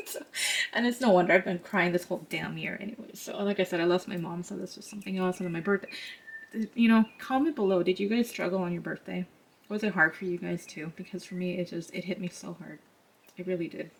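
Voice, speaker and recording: A woman giving an intuitive card reading to her viewers, speaking softly and emotionally, sometimes close to tears. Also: lowish voice, quick pace, gravelly, slightly rough, poor audio. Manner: soft, emotional, near tears, laughing at herself. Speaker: tarot reader.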